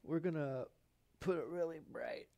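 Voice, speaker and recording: A man's voice: fairly high pitch, normal speed, dark tone. A man hosting a live painting show, chatting and joking to himself as he paints, recorded in a painting studio. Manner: rambling, talks to himself while painting, joking asides. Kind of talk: live painting demonstration chat.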